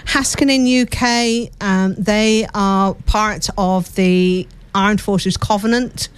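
A woman event organiser, a guest on a radio show, reading out a list of thanks with pauses and fillers. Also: mid-range voice, clear, resonant tone.

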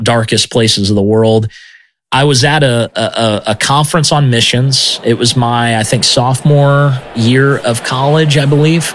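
A man telling his personal testimony as a missionary in a lively, conversational way, often tossing in "man" and "okay?". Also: medium pitch. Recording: music playing underneath.

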